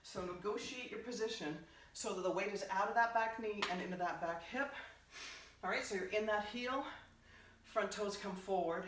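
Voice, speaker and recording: A woman's voice: medium pitch, normal speed, fairly bright tone. A woman fitness instructor leading a home workout, giving upbeat cues and counting down reps, out of breath at times. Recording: roomy, distant, noisy home recording.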